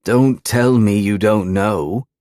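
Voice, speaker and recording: A man voicing a cruel young aristocrat bully who speaks slowly, flat and cutting. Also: on the low side, dry recording, clean studio sound. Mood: cold.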